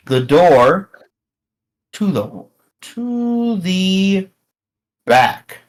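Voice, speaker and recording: Male game master, slightly high, relaxed halting narration.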